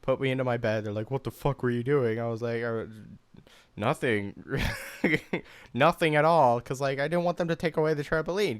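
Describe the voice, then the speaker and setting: In a smooth, mid-range voice with no echo, a young man who makes commentary YouTube videos rambles through a personal story. The casual telling is full of profanity, filler words and restarted sentences.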